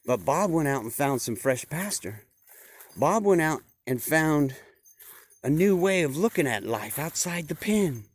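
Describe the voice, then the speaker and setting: A man's voice: fairly high pitch, sing-song, measured pace. Man, vlogger, folksy ranting monologue, repetitive, talks straight to the audience.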